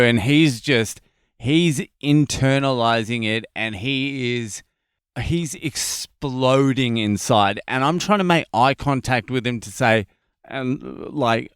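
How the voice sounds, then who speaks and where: An Australian man hosting a podcast, telling a story in a casual, animated and heavily profane comic monologue. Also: medium pitch, slow, clear, resonant tone, dry recording, clean studio sound. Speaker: podcast host, comedian.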